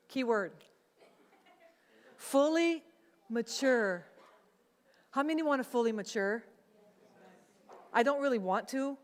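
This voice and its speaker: A woman's voice: sits high, fairly bright tone. Woman pastor preaching in a reverberant hall. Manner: conversational, acts out quoted voices. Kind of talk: sermon.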